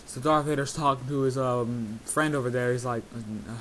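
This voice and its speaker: Male video creator, casual self-commentary: monotone, halting, filler-heavy. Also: medium pitch, a little hiss or hum. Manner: rambling, many hesitations and fillers.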